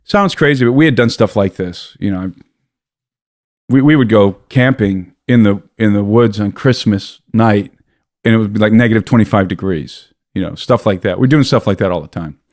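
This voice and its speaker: An American man spins a long personal story in an animated, self-interrupting way. His voice sits a little low and sounds dry and close. He talks casually, as a guest on a podcast. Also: normal speed, no echo. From United States.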